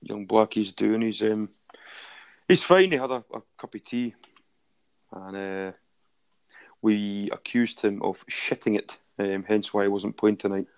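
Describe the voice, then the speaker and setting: A man's voice: fairly low pitch, measured pace, long pauses, smooth. A young Scottish man co-hosting a casual football podcast, laid-back and self-deprecating, often restarting his sentences. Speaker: podcast co-host.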